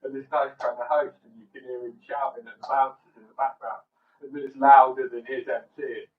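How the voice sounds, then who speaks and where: Comedian in an echoey room. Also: male voice, medium pitch, level tone, fairly quick. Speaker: guest comedian. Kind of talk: casual chat. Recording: echoey room, far mic, dull sound.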